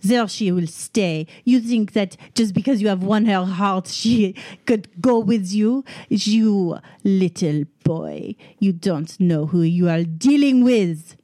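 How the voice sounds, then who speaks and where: A woman's voice: medium pitch, expressive, slow pace, few pauses, mellow, no room sound. Brief: woman voicing a stilted, blustering older male villain in a tabletop game, indignant and threatening, dry close sound. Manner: blustering, outraged, stilted formal speech.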